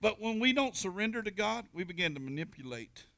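Bright ringing preacher guy, slightly high voice, bursts of volume then quiet asides to the church. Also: lively intonation, brisk, creaky. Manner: preaching with rising bursts of volume and call-outs to the congregation; reads scripture aloud, then drops to quiet asides. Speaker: pastor. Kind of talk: sermon.

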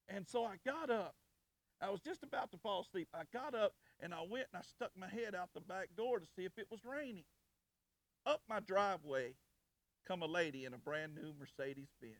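A man, preaching in church, swinging from loud, rising exhortation to soft, intimate storytelling. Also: sits high, animated, brisk, dry recording. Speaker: pastor. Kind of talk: sermon.

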